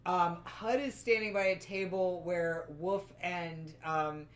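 A co-host in a relaxed film chat, filling in plot details and references in a thoughtful way. The voice sits at a middle pitch. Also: slow. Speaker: podcast co-host. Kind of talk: casual movie discussion.

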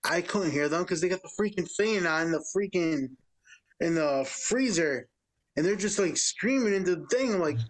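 A man's voice: sits high, animated, normal speed. A man on a podcast telling rambling work stories, quoting himself over and over. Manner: rambling anecdotes with frequent "I'm like" quoting. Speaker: podcast guest. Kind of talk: casual storytelling.

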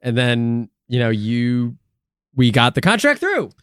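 A man co-hosting a comedy show who trades sarcastic quips and plays along with his partner's absurd story. His voice sits at an ordinary middle pitch and sounds dry and close, with no room sound. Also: wildly swooping pitch, a little slow, a bit bright, smooth, dry recording. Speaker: comedy podcast co-host. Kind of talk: improvised comedic banter.

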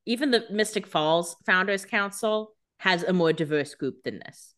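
A woman's voice: fairly low pitch, expressive, normal speed, fairly bright tone. A woman co-hosting a casual podcast, adding wry, sarcastic quips about a TV episode. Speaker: podcast co-host. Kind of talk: casual chat.

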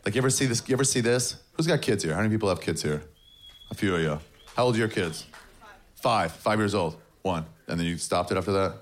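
A man doing a stand-up set on a club stage, sardonic and mocking, jumping into high shouted voices when he acts people out. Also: animated, fast. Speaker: stand-up comedian. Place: comedy club stage with audience. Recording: noisy live club recording.

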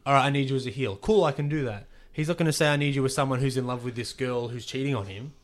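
A young Australian man rambles through a relaxed podcast chat. He swears freely and slips into other people's voices as he quotes them. His voice sits at an ordinary male pitch. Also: quick pace. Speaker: guest wrestler.

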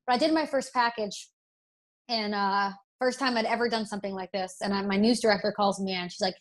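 A young woman from Alabama with a faint Southern accent, chatting candidly as an interview guest, self-deprecating and quick to restart her sentences. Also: mid-range voice, steady tone. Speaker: interview guest, broadcast presenter. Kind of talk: casual interview.

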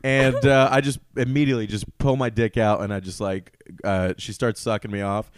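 A man's voice: fairly low pitch, fairly even intonation, normal speed, clear, resonant tone, no echo, studio quality. A young adult man in casual podcast chat, telling stories candidly and at length with many fillers.

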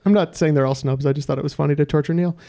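A man hosting a casual podcast trivia game, reading questions slowly with frequent "uh" fillers. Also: fairly high pitch, steady tone, gravelly, warm tone. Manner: reads questions slowly and deliberately, with many "uh" fillers. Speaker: quiz host.

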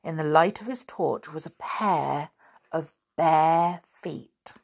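Woman reading a kids book out loud, slow and measured, bit of vocal fry. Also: deep voice. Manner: measured storytelling. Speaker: reader. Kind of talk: reading a children's book aloud.

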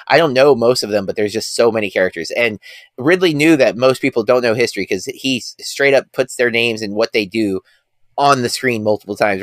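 A man's voice: medium pitch, dry recording. A man co-hosting a movie podcast, talking in a loose, rambling way full of restarts. His voice sits mid-range, and the close mic keeps it dry with no room sound. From United States. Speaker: podcast co-host. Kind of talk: casual podcast chat.

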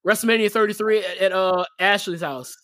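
A young man with a notably high voice chats casually as a podcast co-host. He is excitable and teases his friends, and the close, dry sound carries almost no room echo. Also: a little fast. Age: young adult. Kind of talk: casual chat.

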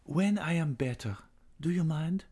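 A man's voice: fairly high pitch, expressive, moderate pace, a little mellow, husky, pitched above the performer's own voice. A man reading aloud and voicing a faint, agitated young female opera singer in a raised, strained voice.

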